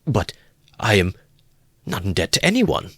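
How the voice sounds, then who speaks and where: A man voicing a poor, feverish young student who answers back slowly and stubbornly in a storybook reading. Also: low voice, wildly swooping pitch, husky, no echo, clean studio sound, voice pushed up, heavily acted. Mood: bewildered. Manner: faltering, then defiant.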